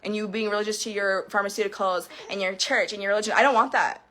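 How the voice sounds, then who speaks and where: Bright, forceful and fast, this medium-pitched woman keeps a steady tone as she rants emotionally in her vlog. She's in her thirties, curses liberally, and wavers between laughing and crying.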